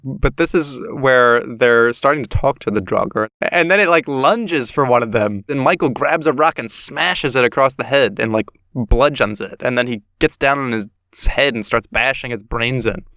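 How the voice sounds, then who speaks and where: A man hosting a podcast, casually retelling a story in an animated way and swearing now and then. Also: medium pitch, moderate pace, few pauses, no echo, studio quality. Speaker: podcast host.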